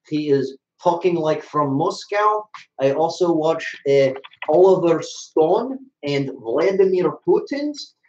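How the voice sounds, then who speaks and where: Guy doing a goofy russian accent, high and slow, broken english, echoey muffled stream. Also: darkish tone, a little hiss or hum. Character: man with a put-on Russian accent, hamming it up. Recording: roomy, dull webcast audio.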